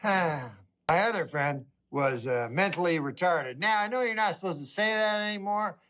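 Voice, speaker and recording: Deadpan middle-aged male stand-up comic. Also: high-pitched, normal speed. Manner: deadpan, rambling delivery. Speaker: stand-up comedian. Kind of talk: stand-up comedy routine.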